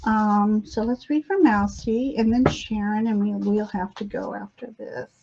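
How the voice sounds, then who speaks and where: Gentle woman giving a psychic reading. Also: mid-range voice, steady tone, unhurried, creaky, dull audio, a little hiss or hum. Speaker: psychic reader. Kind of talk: live spiritual reading. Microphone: webcam.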